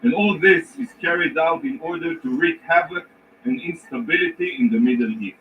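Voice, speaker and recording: Indignant diplomat in a council chamber. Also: male voice, on the high side, animated. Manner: emphatic, indignant, measured pauses. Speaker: ambassador addressing the Security Council. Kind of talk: formal prepared speech. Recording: distant, dull rebroadcast with faint noise.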